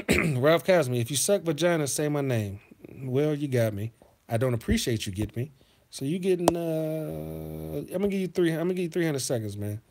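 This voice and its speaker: On a livestream, a man reads his chat aloud and casually tells childhood stories in reply. His gravelly voice sits a bit high, swings widely at a normal speed, and erupts into loud, profane, animated rants.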